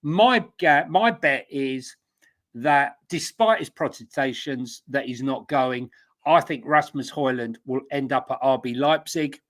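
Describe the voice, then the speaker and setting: A man's voice: medium pitch, unhurried, fairly bright tone. A man co-hosting a casual football podcast in a chatty, self-mocking way. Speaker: podcast co-host.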